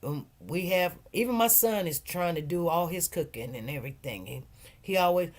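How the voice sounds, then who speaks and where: A middle-aged woman tells a story in a loose, chatty way. She acts out the people in it, and her voice swings high and low as she goes. Her delivery is casual and unscripted. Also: lively intonation, normal speed. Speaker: channel host.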